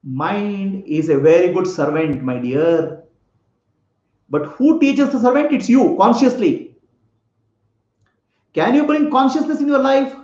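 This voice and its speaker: This spiritual teacher's voice sits high and a little mellow, and he talks a little slowly with frequent pauses. He tells a parable, puts questions to his audience, and laughs a lot. The recording has room echo and a somewhat dull, lo-fi quality.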